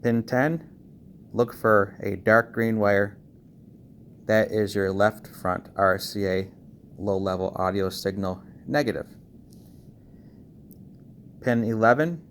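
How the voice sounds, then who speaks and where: A lower-voiced man walks through a car audio wiring job in a casual tutorial voice-over. He talks quickly and keeps checking in with "okay" and "all right." A faint hiss sits under the recording. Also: creaky. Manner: talks fast, checks in with frequent okays. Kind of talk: casual screen-recorded how-to walkthrough.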